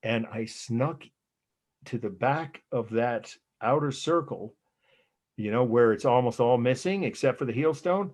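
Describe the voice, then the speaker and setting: A man's voice: medium pitch, lively intonation, unhurried, darkish tone. An older man with an American accent giving an art history lecture in a rambling, chatty way, full of fillers and restarts. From United States. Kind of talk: casual lecture with anecdotes.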